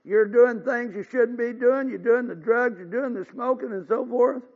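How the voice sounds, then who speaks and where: A man's voice: extremely high pitch, moderate pace. An older man preaching a revival sermon as pastor, folksy and earnest, building to fervent exhortations. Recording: dull lo-fi recording.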